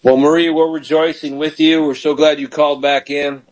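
A man's voice: a little high, level tone, normal speed, low-quality recording. A man hosting a call-in radio show as a pastor, praying fervently with callers and bursting into praise.

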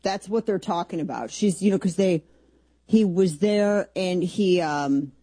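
A woman's voice: on the low side, unhurried, mellow, no room sound. A middle-aged woman hosting a talk radio show, opinionated and sarcastic, often mocking others in put-on voices.

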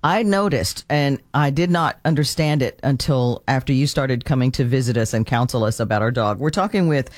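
A man's voice: mid-range voice, brisk, few pauses, no echo, clean studio sound. A man hosting a talk show, chatting with a guest and telling anecdotes, laughing often. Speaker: host. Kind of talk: casual interview.

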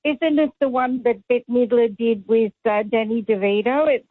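A woman in her seventies calling in to a radio show, halting and emphatic. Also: on the high side, fairly even intonation, dry recording. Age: 70s. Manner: halting, emphatic, laughs at her own complaints. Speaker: caller. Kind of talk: phone-in chat. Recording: phone line.

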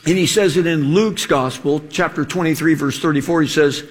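A man preaching a sermon in an animated, rhetorical way, acting out the quotes he reads. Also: a little high, moderate pace, few pauses.

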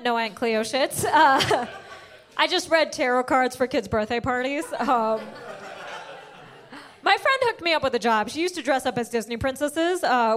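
A brash young woman comic from the States, doing stand-up with lots of animation and chuckles at her own lines. Her voice sits high, and she swings between punchy and dropped-down asides. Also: fairly bright tone. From United States. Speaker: stand-up comedian. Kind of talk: stand-up comedy set.

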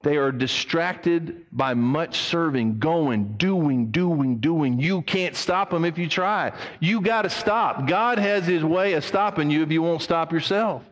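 A man preaching a sermon as a pastor, emphatic, his voice swinging between raised and hushed passages. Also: fairly high pitch, slow, hardly any pauses, big-room sound, highs cut off.

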